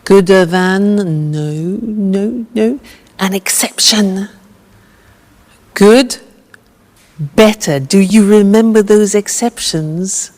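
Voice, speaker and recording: A woman teaching English grammar with a slow, clear drill, patient and encouraging. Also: mid-range voice, darkish tone, in a large hall.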